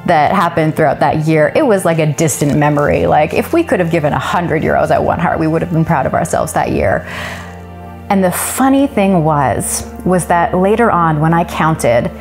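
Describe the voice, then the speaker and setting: A woman's voice: low voice, a little mellow. Earnest woman giving a testimony. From Canada. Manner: earnest, emotional storytelling. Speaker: church member giving a testimony. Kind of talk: personal testimony.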